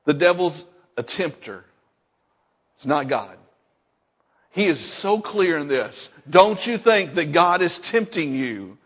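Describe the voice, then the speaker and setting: High-voiced slow-preaching male pastor. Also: sing-song, a bit bright, husky, dull audio. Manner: emphatic, repeats key lines, chuckles between points. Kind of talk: sermon.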